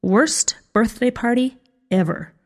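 A woman's voice: a little high, takes it slowly, a little mellow. A woman reading a first-person fantasy story aloud with a wry, dry humor. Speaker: story reader. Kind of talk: scripted fiction narration.

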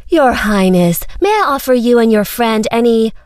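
Lady doing a shrill gushing storybook mom, squeals high, fawning. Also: animated, moderate pace, darkish tone, dry recording, studio quality, natural voice. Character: gushing, overbearing middle-aged mother.

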